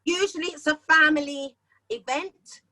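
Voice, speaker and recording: A middle-aged London woman, a singer appearing as a guest in a relaxed, casual interview, speaks at a normal pace in a high, bright, forceful voice with a London English accent. She tells her stories with great energy, acting out the voices of the people she quotes. The recording is rough.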